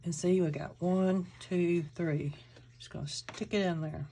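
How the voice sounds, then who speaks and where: A woman hosting a crafting channel guides a tutorial in a relaxed, chatty way, thinking out loud as she works. She's from Georgia with a Southern accent, and her fairly low voice is warm and steady at a measured pace. There's a little hiss or hum.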